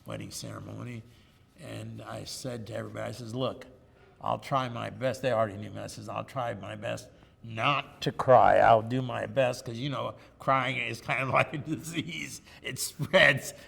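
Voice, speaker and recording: A man's voice: medium pitch, a bit bright. An older man telling personal stories in an oral history interview, chatty and joking, on a lapel mic. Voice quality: gravelly. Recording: room with long reverb, faint ambience.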